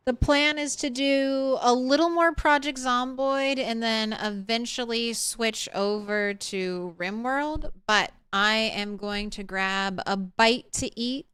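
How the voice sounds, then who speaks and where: Woman streamer chatting with her viewers, kinda high, slow easygoing pace. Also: a bit bright, clear, resonant tone, dry recording. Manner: chatty, talks straight to chat. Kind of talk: casual live-stream chat.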